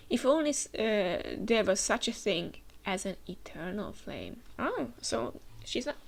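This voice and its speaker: Woman host with a cold, tired and gravelly, chatty reaction commentary. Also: medium pitch. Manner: chatty, hesitant, many fillers. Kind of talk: casual reaction commentary, reading aloud.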